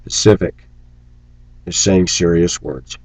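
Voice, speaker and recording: A man's voice: fairly even intonation, slow pace, darkish tone, no room sound, poor audio. A man delivering an angry, preachy rant on his vlog, scornful and sarcastic. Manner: mocks opponents in shrill put-on voices. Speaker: vlogger.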